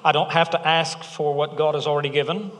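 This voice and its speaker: A man's voice: fairly high pitch, steady tone, brisk, a bit bright, slight background noise. A middle-aged man preaching a sermon as pastor, joking and chatty, building to emphatic points. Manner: jokey, conversational preaching with rising emphasis. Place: church auditorium. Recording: long reverb of a large hall.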